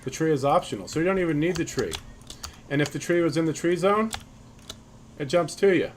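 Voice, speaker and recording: A man walking through the rules of his card game in a loose, casual tutorial, often restarting sentences and filling pauses with ums. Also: on the high side, animated, slight background noise.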